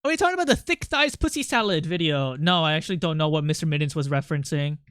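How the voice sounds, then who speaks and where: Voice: medium pitch, lively intonation, fast talker, fairly bright tone, clear, resonant tone, dry recording, studio quality. A streamer chatting casually and playfully with chat while drawing, rambling with lots of fillers.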